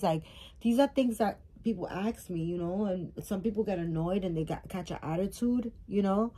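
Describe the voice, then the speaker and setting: A woman's voice: mid-range voice, normal speed, dark tone, husky. A woman doll collector vlogging casually as she unboxes a new doll, rambling and emotional as she gushes over it.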